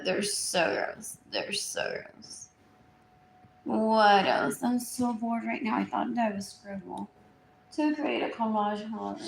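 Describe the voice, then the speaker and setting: A woman's voice: fairly high pitch, vocal fry, slight background noise. Rambling woman in an echoey room. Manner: repetitive, drifting, often trailing into murmurs. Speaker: livestreamer. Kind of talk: rambling live stream monologue. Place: indoors at home. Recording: roomy echo.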